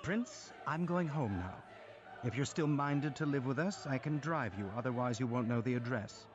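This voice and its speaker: A man's voice: medium pitch, animated, dull audio, music in the background, lightly acted. A man doing a bitter, hot-tempered young man. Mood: curt. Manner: grating, accusing, quick and sharp.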